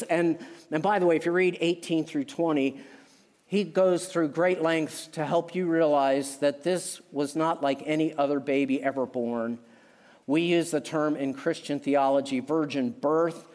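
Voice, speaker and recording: Man, middle-aged pastor, sermon, emphatic, storytelling, joking asides, slightly high voice. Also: darkish tone. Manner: emphatic preaching with personal stories, frequent asides and self-deprecating jokes.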